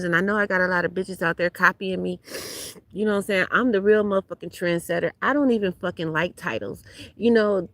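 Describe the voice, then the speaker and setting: A woman's voice: mid-range voice, no echo. A woman, doing a casual livestream tarot reading outdoors at a beach, talking bluntly and profanely to her viewers. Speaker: tarot reader.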